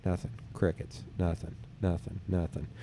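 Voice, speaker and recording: A man with a lowish, warm, mellow voice hosts a casual podcast chat. He tells his own dating stories in a loose, animated way and slips into other people's voices to quote them. His speech is relaxed and peppered with casual swearing. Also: normal speed, a little hiss or hum. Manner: animated storyteller who acts out others' lines, swears casually. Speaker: podcast host.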